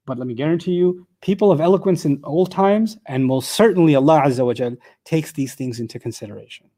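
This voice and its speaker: Lively, high-voiced man teaching a class. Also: fast talker. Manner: conversational and animated, explains with examples and asides to the audience. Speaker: Quran teacher. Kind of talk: classroom tafsir lecture. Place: classroom with a screen and an audience.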